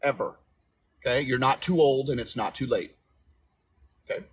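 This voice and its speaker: A man's voice: mid-range voice, moderate pace, a little hiss or hum. A man in his forties giving relationship advice on a livestream, emphatic and repetitive, often asking "okay?". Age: 40s. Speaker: relationship coach.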